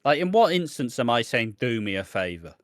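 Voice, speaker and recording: A man, co-hosting a casual podcast and telling stories in an animated, sweary way. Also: mid-range voice, fairly quick, dry recording, clean studio sound. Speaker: podcast co-host.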